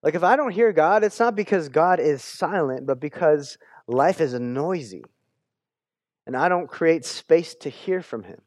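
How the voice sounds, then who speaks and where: A male pastor preaching a sermon in a conversational way, often restarting his words and giving the quoted scripture lively voices. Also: a little high, unhurried, no room sound, clean studio sound.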